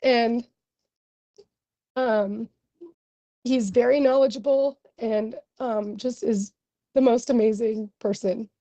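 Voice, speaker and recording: A young woman doctor giving earnest, emotional testimony at a hearing, with many pauses and ums. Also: on the high side, steady tone, dark tone, no echo.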